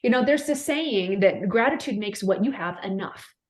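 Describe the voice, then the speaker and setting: A woman speaking as a podcast guest and coach. She talks emphatically and animatedly, with big swings in pitch. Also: expressive, moderate pace. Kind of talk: podcast interview.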